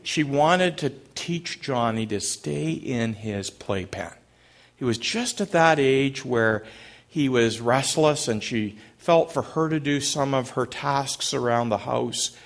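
Middle-aged male pastor, gravelly mid-range voice, gentle halting sermon storyteller. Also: mid-range voice.

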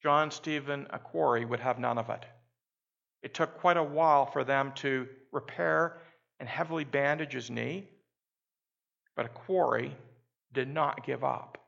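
A man's voice: mid-range voice, a little slow, vocal fry, fairly bright tone. A male pastor preaching a sermon, telling a story emphatically and leading the congregation to repeat his words before he prays. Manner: emphatic storytelling that builds to calls for the congregation to repeat after him. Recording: dull lo-fi sermon recording.

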